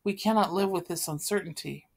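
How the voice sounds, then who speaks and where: A woman reading the part of a calm, steady middle-aged father in a play read aloud. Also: fairly low pitch, a little fast, vocal fry, slightly rough.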